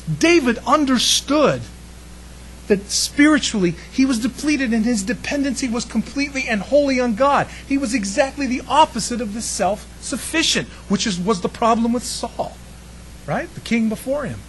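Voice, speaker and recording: A man preaching a sermon to a congregation, chatty and lively, throwing in jokes and questions to the room. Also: very high-pitched, normal speed, a little hiss or hum, low-quality recording. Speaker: pastor.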